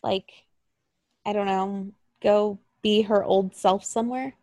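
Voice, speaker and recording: A woman chatting casually as a co-host, animated and sarcastic, often laughing and acting out what others said. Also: medium pitch, takes it slowly, no echo, studio quality. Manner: animated, sarcastic, acts out quotes in exaggerated voices, laughs often. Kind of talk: casual chat.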